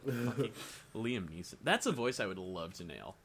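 A man who works as a voice actor, chatting casually as a podcast guest in an animated way, laughing often and swearing freely. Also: fairly low pitch, moderate pace, vocal fry, over a noisy crowd.

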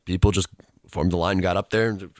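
A man's voice: deep voice, fairly even intonation, fairly quick, no room sound, studio quality. A young man co-hosting a casual chat, rambling through an anecdote and laughing as he tells it. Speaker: co-host, student radio reporter.

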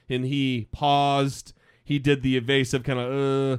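A man's voice: mid-range voice, moderate pace, clear, resonant tone. A man hosting a podcast, talking in a casual, opinionated, rambling way with many restarts. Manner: rambling, animated, restarts often. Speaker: podcast host.

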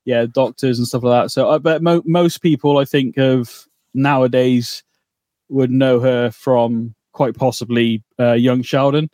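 A man's voice: medium pitch, fairly even intonation, unhurried, darkish tone, dry recording, studio quality. A man co-hosting a podcast in casual chat, rambling and bantering with mock outrage. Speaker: podcast co-host.

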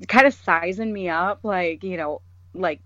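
A woman's voice: on the low side, measured pace, fairly bright tone, no echo. A woman in her thirties co-hosting a podcast, telling a story in casual chat and mimicking others in quoted voices. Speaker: podcast co-host. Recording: dull lo-fi sound.

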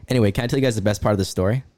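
A young man telling a story in casual chat, animated and swearing freely. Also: lowish voice.

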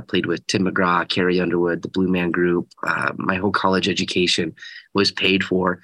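A man in his thirties, a guest telling a personal story in an earnest, animated way and acting out the quotes. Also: sits low, no echo, rough recording. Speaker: guest speaker. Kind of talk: storytelling in an interview.

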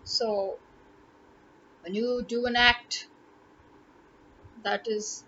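A woman's voice: on the high side, steady tone, very slow, long pauses, bright, forceful tone, dull audio, a little hiss or hum. A woman language tutor talking casually to camera in an emphatic way, repeating words to drive her points home.

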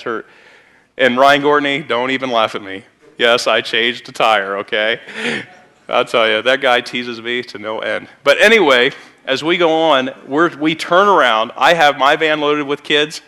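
In a church sanctuary, a youth pastor with a Midwestern American accent preaches a sermon in a mid-range, pushed and bright voice at normal speed. He tells stories conversationally, breaking into sudden emphatic rises.

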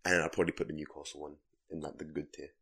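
A man's voice: very deep voice, little pitch movement, very fast, fairly bright tone, slightly rough. A young man with a London accent, co-hosting a podcast in casual, blunt and teasing chat full of "like". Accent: London English. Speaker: podcast co-host.

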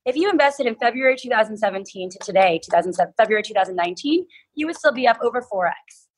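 Slightly husky woman explaining investments. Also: fairly high pitch, animated, fast talker. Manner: explanatory, walks through examples. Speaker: guest, crypto investment entrepreneur. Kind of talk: conversational interview.

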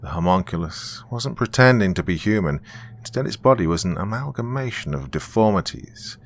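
A man narrating a scripted horror story in a steady storytelling manner. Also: fairly low pitch, moderate pace.

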